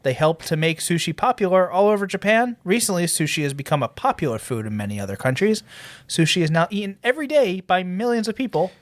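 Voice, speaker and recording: A podcast co-host reading trivia questions and answers slowly, stumbling over some words. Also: medium pitch, sing-song, no echo.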